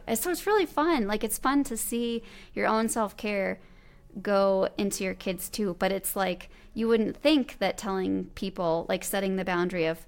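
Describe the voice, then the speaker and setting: A woman's voice: mid-range voice, moderate pace, vocal fry. A woman in her thirties hosting a podcast, chatting in an enthusiastic, affirming way. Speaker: podcast host. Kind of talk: casual interview chat.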